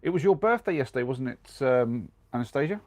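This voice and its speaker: A man's voice: medium pitch, animated, fairly quick, a little mellow, no echo. A young man with a cold, chatting casually on a live stream from inside his camper van, rambling along and reading out viewer comments. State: has a cold.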